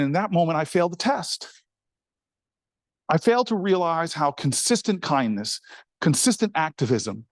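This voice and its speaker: Middle-aged guy, senator telling a folksy story to the crowd, pretty high voice, talks right at them. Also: dry recording. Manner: animated, folksy, speaks directly to the crowd. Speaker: senator giving a speech. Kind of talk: storytelling speech to an audience.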